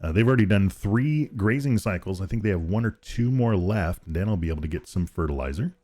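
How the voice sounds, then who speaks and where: A man with a fairly low voice talks his way through a farming game on a live stream. He rambles, laughs easily and keeps restarting his thoughts as he chats to the people watching. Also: lively intonation, fairly quick, darkish tone. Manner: rambling, chatty, laughs often, many restarts. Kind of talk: casual live-stream chat while gaming.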